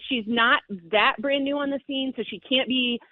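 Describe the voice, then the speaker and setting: Woman caller, high voice, animated and profane, thin phone-line sound, dry. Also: normal speed, no echo. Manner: animated, swears freely. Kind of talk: casual storytelling. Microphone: phone call.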